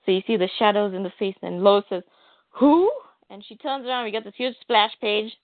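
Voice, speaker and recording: A woman's voice: mid-range voice, fast talker, dry recording. Chatty woman host on a thin phone line. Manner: chatty, retelling panels with asides. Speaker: comic book podcast host. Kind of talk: casual comic recap. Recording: tinny phone-like dry audio.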